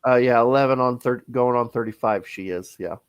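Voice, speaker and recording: A man with a smooth, resonant voice chats easily on a podcast. The sound is dry and close, with no room around it. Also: mid-range voice, brisk, dry recording. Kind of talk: casual chat.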